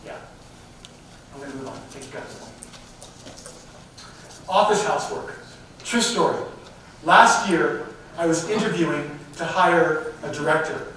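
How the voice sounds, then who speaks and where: A man with a fairly high voice speaks straight to the audience and keeps asking them questions. He sounds distant from the mic, with the room ringing heavily around him and a faint hiss underneath. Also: unhurried, long pauses, a bit bright. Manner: direct, addresses the audience with questions. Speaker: diversity speaker. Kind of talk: live talk to a company audience. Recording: very echoey hall, mic far off.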